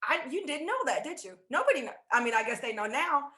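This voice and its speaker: A woman faith coach telling stories in a casual interview, animated and laughing, acting out dialogue. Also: sits high, fast talker, echoey room. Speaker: podcast guest, faith coach.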